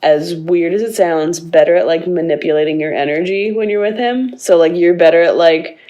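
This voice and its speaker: Low-voiced woman explaining calmly. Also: moderate pace. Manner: thoughtful, explains in long runs with many fillers. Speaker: podcast guest, partner. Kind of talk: casual chat. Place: indoors, podcast recording.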